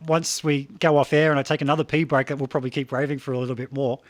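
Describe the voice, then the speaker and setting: A man hosting a podcast in casual chat, telling stories fast with stutters and restarts. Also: medium pitch, fairly even intonation, dry recording. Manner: quick, stuttering storyteller. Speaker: podcast host.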